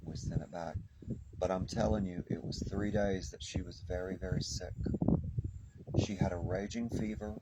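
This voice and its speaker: A man giving a spiritual tarot reading, speaking slowly with soothing repetition. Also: low voice, fairly even intonation, heavy background noise. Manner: slow, repetitive, soothing delivery. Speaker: tarot reader.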